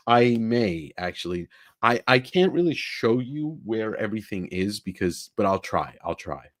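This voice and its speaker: A man's voice: fairly low pitch, no echo. A middle-aged man hosting a casual live stream from a tiny room, rambling and joking as he greets viewers by name. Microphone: own travel microphone.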